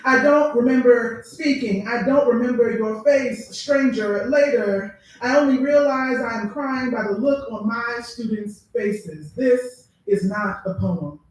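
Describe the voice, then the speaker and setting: A woman poet giving a measured, deliberate spoken-word reading with pauses at a live bookstore event. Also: fairly high pitch, recorded from a distance. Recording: very echoey room, heard from afar.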